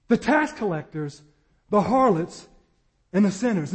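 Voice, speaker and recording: A man preaching a sermon, repeating his points and asking questions to the congregation, climbing to emphatic peaks and dropping low at the ends of phrases. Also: very animated, a little slow, pauses often. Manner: repetitive call-and-response preaching, "brethren" refrain.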